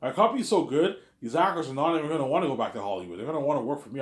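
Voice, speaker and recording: A man's voice: fairly high pitch, expressive, very fast, echoey room. Boastful man rambling to his camera. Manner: boastful, repetitive, swears often. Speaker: vlogger. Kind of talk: rambling casual monologue to camera. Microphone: camera he sets up himself.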